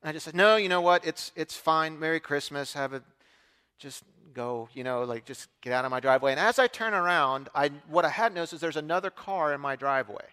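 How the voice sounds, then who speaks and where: A middle-aged man telling a story from the pulpit, acting out the voices of the people in it. His voice is high, bright and forceful. It rings with the long reverb of a large hall. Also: a little fast, smooth. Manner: animated storyteller, acts out other voices. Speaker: preacher. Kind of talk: storytelling sermon.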